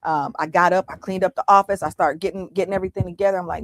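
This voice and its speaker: A woman's voice: on the low side, fairly even intonation, rapid-fire, background noise. A middle-aged woman from the United States, a business owner giving an interview and retelling her past dramatically, with frequent restarts. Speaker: guest entrepreneur. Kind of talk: candid interview storytelling.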